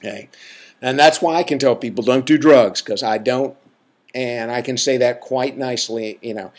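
A man's voice: medium pitch, normal speed. A middle-aged man talks straight to his listeners in a podcast monologue. His delivery is folksy and emphatic, with a preachy edge. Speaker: podcast host. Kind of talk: casual monologue.

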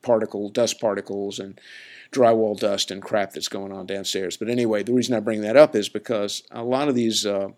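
Low-voiced man rambling casually. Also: fairly even intonation, brisk, darkish tone. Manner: chatty, laid-back, lots of fillers and self-corrections. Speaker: podcast host.

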